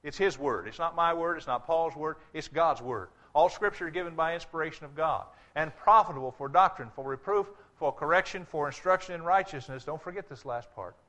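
Emphatic, bright-voiced male preacher. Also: fairly high pitch. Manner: emphatic, slows to stress scripture quotes. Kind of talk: sermon.

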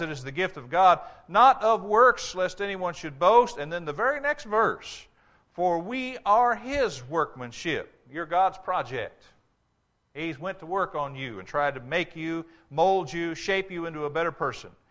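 Emphatic, bright-voiced male preacher. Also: fairly high pitch. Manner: emphatic, slows to stress scripture quotes. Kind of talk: sermon.

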